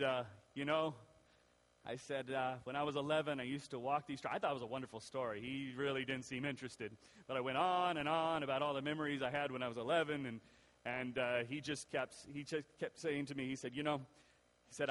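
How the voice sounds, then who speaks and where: A male pastor telling a personal story in a sermon, lively and acting out the voices of the people in it. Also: medium pitch. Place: church. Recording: long reverb of a church hall.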